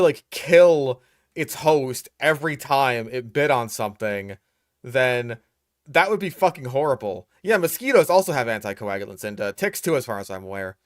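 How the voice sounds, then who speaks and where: A man's voice: mid-range voice, lively intonation, normal speed, no echo, studio quality. A young man hosting a reaction commentary, exasperated and profane, picking apart what he hears. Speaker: host reacting to a video.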